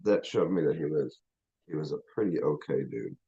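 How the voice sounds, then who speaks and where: Deep dark-voiced guy cussing and rambling, restarts a lot, muffled lo-fi sound. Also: lively intonation, normal speed, vocal fry, husky. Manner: rambling and profane, with many restarts. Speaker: channel host. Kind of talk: casual livestream rant.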